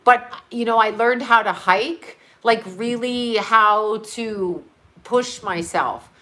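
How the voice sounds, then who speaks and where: A middle-aged woman hosting a casual livestream, telling a rambling, excitable story full of fillers. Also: on the high side, takes it slowly. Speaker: channel host.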